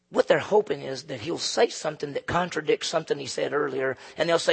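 Male pastor preaching, gravelly husky voice, goes hushed then loud, long echo in the hall. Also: on the high side, animated, quick pace, hardly any pauses. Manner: fervent, swings between hushed and loud emphasis. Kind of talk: sermon.

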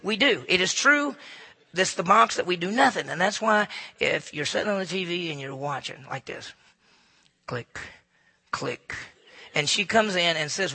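A man's voice: sits high, lively intonation, normal speed, gravelly, sharp tone, breathy edge. A man giving a humorous, folksy talk to a live audience, often asking the crowd questions. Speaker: speaker addressing an audience.

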